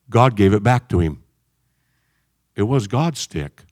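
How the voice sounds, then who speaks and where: A man preaching a sermon in an animated way, jumping between loud shouts and quiet asides. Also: on the low side, slow, no room sound, studio quality.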